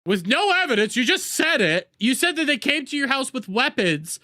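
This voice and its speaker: A man's voice: extremely high pitch, sing-song, normal speed, bright, forceful tone, dry recording, studio quality. A man doing crude, sarcastic reaction commentary as a streamer, mocking the people he watches.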